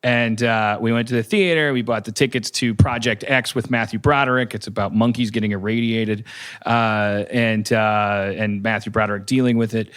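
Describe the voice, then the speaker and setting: A man in his forties hosting a podcast, telling a comic story in a rambling, animated way and swearing often. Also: moderate pace. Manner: rambling, animated, swears a lot, jumps into high voices when quoting. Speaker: podcast host. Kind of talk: casual comedic storytelling.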